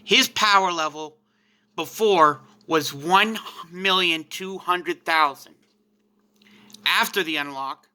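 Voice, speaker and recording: A man's voice: on the high side, pushed and bright. A man casually narrating a fan-made anime story in an emphatic, slangy way.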